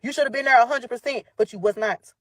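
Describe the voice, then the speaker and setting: Speaking straight to her audience, a Memphis woman with a Southern US accent tells a heated, cuss-filled story about her ex in an angry monologue. Her voice runs on the high side at a quick pace, in a dry recording.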